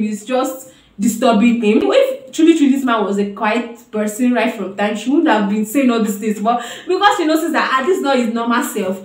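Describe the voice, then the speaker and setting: High-voiced woman reacting. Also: roomy sound. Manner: animated, laughing, exclaiming. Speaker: reaction video host. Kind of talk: casual reaction commentary.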